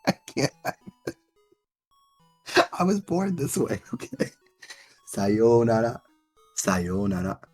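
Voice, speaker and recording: A woman's voice: extremely low pitch, very animated, extremely slow, pauses often, mellow, soft background music. A woman streaming a game, chatting casually, teasing and coaxing her companion and often breaking into laughter. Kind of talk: casual live-stream chat while playing.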